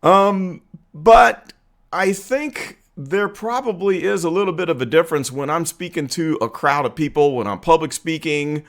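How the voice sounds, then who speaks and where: A man's voice: on the high side, moderate pace, a bit bright. A man hosting a political commentary channel, talking casually and chattily to viewers, asking for their opinions and laughing easily.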